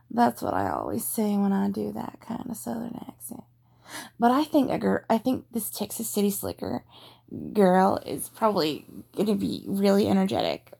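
A woman's voice: medium pitch, wildly swooping pitch, moderate pace, creaky, dark tone, slightly rough. A woman chatting casually to listeners about fulfilling a role-play request, rambling and self-deprecating with many hesitations.

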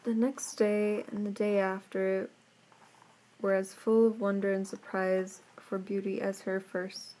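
A slow, soft-spoken woman reading a fairy tale. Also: mid-range voice, level tone. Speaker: storyteller. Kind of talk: storybook read-aloud narration.

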